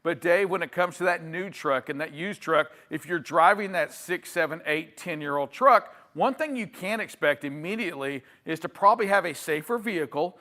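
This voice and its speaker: Chatty and full of energy, this man hosts a live trucking show from a studio and keeps handing off to his co-host by name. For a man his voice sits high, with a bright, ringing edge, and he fires off the banter quickly and cheerfully.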